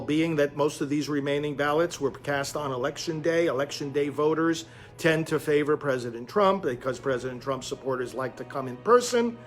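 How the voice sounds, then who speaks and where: A man giving emphatic political commentary, insistent and urgent, calling his listeners friends. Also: high-pitched.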